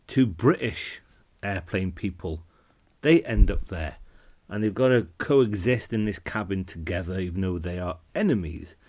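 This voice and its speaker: Low-voiced man reviewing films casually. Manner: relaxed and rambling, with frequent restarts. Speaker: film reviewer. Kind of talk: casual film review vlog.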